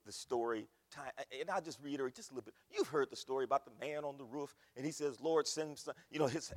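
A male pastor with a fairly high voice preaches a sermon, swinging between soft asides and loud shouting. He mocks the voices he quotes, and the recording echoes like a hall.

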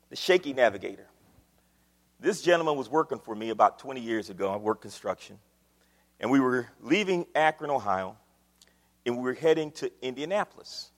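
A man preaching a sermon, telling a story dramatically and swinging between hushed asides and emphatic lines. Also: medium pitch, in a large hall.

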